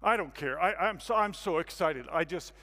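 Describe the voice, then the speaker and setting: A high-voiced man tells a sermon as a vivid story, jumping from quiet asides to shouted excitement. His voice carries a long reverb from a large hall. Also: normal speed. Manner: animated, acts out scenes with sudden loud bursts. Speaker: guest speaker.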